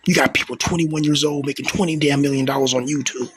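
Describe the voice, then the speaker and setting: A man's voice: medium pitch, steady tone, fast talker, fairly bright tone, slight background noise. A man in his thirties venting in a rambling monologue, stumbling and repeating words, with coarse, profane street talk. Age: 30s. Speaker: vlogger.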